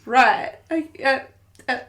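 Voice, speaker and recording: A woman's voice: sits high, takes it slowly, a bit bright, reverberant. An Australian woman from Victoria co-hosting a podcast, chatting casually, giggling often and trailing off mid-sentence. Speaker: podcast co-host. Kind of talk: casual chat.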